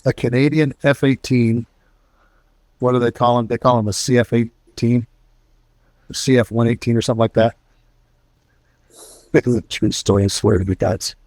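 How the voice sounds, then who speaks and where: A man's voice: mid-range voice, steady tone, moderate pace, long pauses, a little mellow, no echo. A middle-aged man, a retired military pilot and author, telling casual war stories to an audience and acting out the voices of the people in them. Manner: storytelling, acts out quoted voices.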